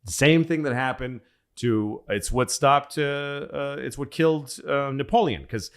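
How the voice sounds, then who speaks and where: Animated man telling a comic history story. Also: mid-range voice, measured pace, clean tone. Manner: animated, profane, rambling. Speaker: podcast co-host.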